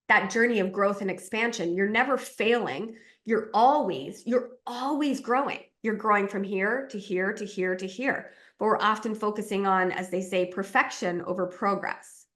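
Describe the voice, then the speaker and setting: Woman as a spiritual coach, animated, acts out inner voices, mid-pitched voice.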